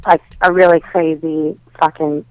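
A woman's voice: deep voice, little pitch movement, unhurried, noisy background. A young woman with a Wisconsin accent, chatting loosely and frankly as a podcast guest, giggling often and filling her talk with "like". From Wisconsin, USA. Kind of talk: casual chat.

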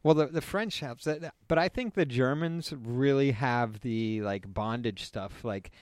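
A man talks in an animated, joking way, telling stories in casual podcast chat. His voice sits at an average pitch and sounds dry and close. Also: measured pace, dry recording.

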